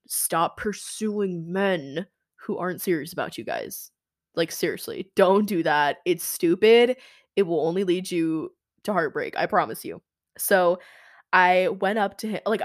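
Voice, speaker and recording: Young adult female podcast host, lower-pitched, casual chatty storytelling with constant fillers. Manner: chatty, fillers of "like", quoting herself and others.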